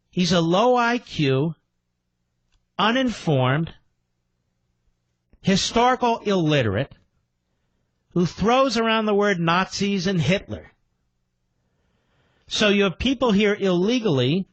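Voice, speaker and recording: An indignant male radio host drives a political talk show with emphatic repetition and rhetorical questions. His voice sits fairly high and swings with lively, animated pitch. The sound is dry and close, with a slightly dull broadcast quality. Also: slow, long pauses, no echo.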